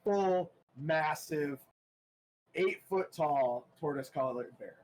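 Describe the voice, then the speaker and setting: A man narrating a tabletop game as game master, halting and full of ums and restarts. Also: a little high, a little mellow, a little hiss or hum, poor audio.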